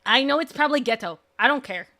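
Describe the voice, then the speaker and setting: Brief: excitable woman streamer, higher pitch, gushy rambling chat, faint music underneath. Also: quick pace. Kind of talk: casual live-stream chat. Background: faint background music.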